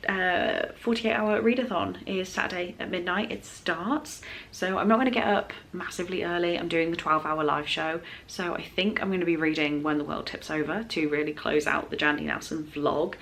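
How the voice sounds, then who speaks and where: A book vlogger chats casually at home, her lowish, slightly bright voice carrying some vocal fry. She talks at a normal speed with fairly even intonation, rambling along with fillers and correcting herself as she goes.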